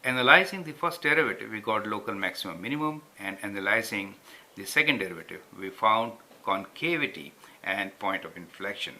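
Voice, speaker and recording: A man's voice: lowish voice, lively intonation, a little fast, bright, forceful tone. A man tutoring calculus step by step, patiently checking understanding with frequent tag questions. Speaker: math tutor. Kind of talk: explaining at a whiteboard.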